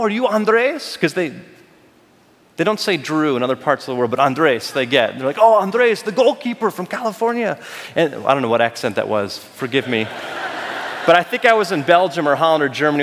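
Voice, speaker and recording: A man with a high voice preaches a sermon and tells a personal story, acting out the people he quotes with lively shifts. His voice rings through a long reverberant hall. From United States. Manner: animated storytelling with acted-out quotes. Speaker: pastor.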